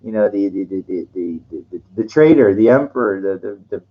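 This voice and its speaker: A man's voice: fairly low pitch, expressive, fairly quick, muffled recording. A man talking casually to his vlog audience, rambling through fillers and restarts and laughing at his own jokes. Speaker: vlogger.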